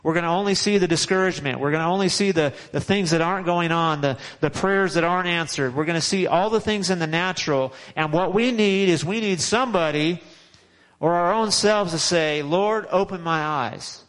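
A man's voice: sits high, a little fast, a bit bright, low-quality recording. A man preaching a sermon in a conversational, repetitive way, with frequent restarts and chuckles. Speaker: pastor.

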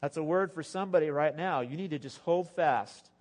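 A male pastor preaching an animated sermon, exhorting the listeners and slipping in jokes and asides. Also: fairly high pitch, fairly quick.

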